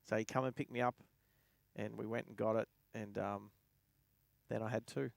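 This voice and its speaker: A man's voice: fairly low pitch, fairly even intonation, normal speed, creaky, no echo. A young Australian man casually telling a rambling anecdote while driving, chuckling to himself as he goes. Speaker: driving livestream host. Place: inside a car.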